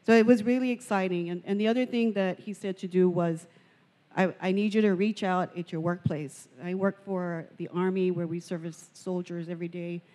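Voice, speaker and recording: A woman giving a personal testimony at a church service, earnest and halting, often repeating words. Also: fairly low pitch, fairly even intonation, warm tone.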